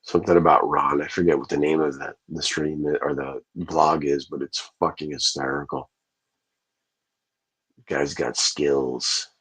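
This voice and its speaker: Profane, rambling man with a husky voice. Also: very deep voice, fairly even intonation, a little slow, a bit bright, rough recording. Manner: profane, rambling, talks back to chat. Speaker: livestreamer. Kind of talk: casual livestream rant to chat.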